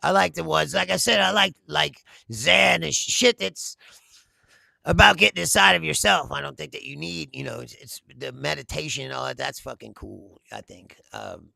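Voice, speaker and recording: A man's voice: a little high, normal speed, vocal fry, pushed and bright, no room sound. A man hosting a casual political comedy chat, reading out viewer comments, swearing a lot and laughing often as he rants.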